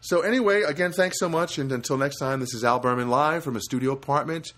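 A man's voice: on the high side, quick pace. A man hosting a podcast from a studio apartment, telling a rambling story in a casual way with many restarts. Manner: rambling, with many restarts and animated quoted voices. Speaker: podcast host.

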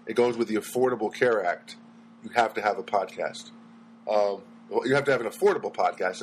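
A man's voice: lowish voice, a little fast, a little hiss or hum. A man hosting his own podcast in a rambling comic monologue, full of ums, restarts and dry self-deprecating asides. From United States. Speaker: podcast host and stand-up comedian.

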